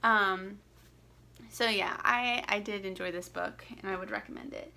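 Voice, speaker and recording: A woman's voice: mid-range voice, fairly even intonation, a little slow, gravelly, pushed and bright, a little hiss or hum. A young woman from Central Florida chatting casually to her camera, rambling with lots of fillers and restarts. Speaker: vlogger. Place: home in Florida.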